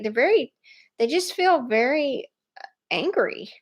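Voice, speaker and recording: A woman giving a live tarot reading, speaking in an animated, emphatic way and laughing often. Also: high voice, measured pace. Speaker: tarot reader.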